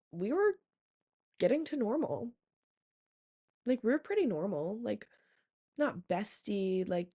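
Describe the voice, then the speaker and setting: A woman's voice: on the low side, creaky, dark tone. A young woman vlogger telling a long personal story in a rambling casual chat, full of fillers and swearing. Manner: rambling, heavy use of "like" and "um", profane.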